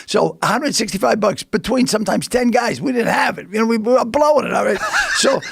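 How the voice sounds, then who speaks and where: An older man, a comedian guest telling a story loudly and animatedly, laughing and acting out other people's voices. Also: high-pitched, fairly quick, vocal fry, husky, dry recording. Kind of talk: storytelling in casual chat.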